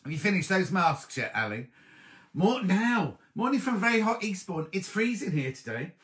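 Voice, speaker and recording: A man hosting a casual live stream from home, chatting warmly and reading out viewers' comments, with a slight cough. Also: high voice, big pitch swings, normal speed. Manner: chatty, affectionate, reads viewers' comments aloud. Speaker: livestream host.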